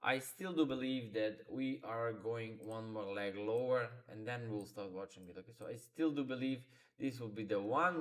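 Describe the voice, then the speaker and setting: A man's voice: medium pitch, moderate pace, few pauses. Man talking through charts live. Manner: instructive, repeats phrases, non-native grammar. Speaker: trading streamer. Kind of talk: live market commentary.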